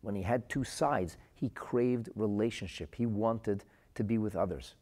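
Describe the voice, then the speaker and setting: Husky low-voiced man teaching earnestly. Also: unhurried, mellow. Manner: earnest storytelling with repeated words. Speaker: Torah teacher. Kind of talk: spoken religious lesson.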